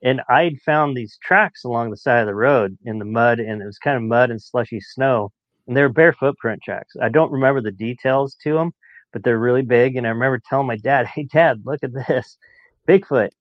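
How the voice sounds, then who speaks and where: A man in his late forties telling stories as a podcast guest, chatty and quick to laugh. His voice sits mid-range. The recording sounds a bit muffled and dry. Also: mid-range voice, dry recording. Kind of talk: casual storytelling.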